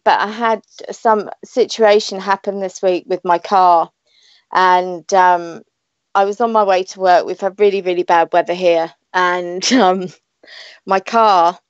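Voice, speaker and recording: A British woman hosts a live internet radio show from home, chatting away in a loose, rambling manner with plenty of laughter. Her voice sits at an ordinary middle pitch. The sound is dull and lo-fi, yet dry and close, with no room echo. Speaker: radio show host and psychic reader. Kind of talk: live online radio chat.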